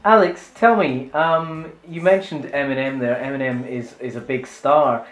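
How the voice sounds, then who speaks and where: Mock-formal male interviewer, teasing, mid-pitched, echoey room. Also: measured pace. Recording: roomy room.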